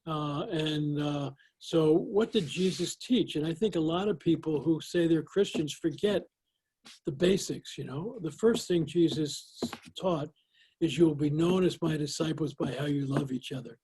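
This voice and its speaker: A man's voice: on the high side, unhurried, mellow, slight background noise, poor audio. An older man answering interview questions, talking in a folksy storytelling way with lots of "you know"s. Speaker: guest. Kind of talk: interview conversation.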